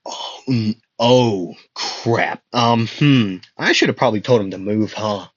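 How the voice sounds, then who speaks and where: A man's voice: fairly low pitch, a little slow, dry recording, muffled recording. A man voicing a brash, reckless young male knight who talks bluntly. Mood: sheepish.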